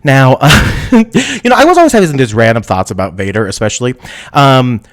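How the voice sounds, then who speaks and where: A man's voice: mid-range voice, very animated, fairly quick. A man hosting a live stream show in a campy, sassy, giggly way, chatting casually with his viewers.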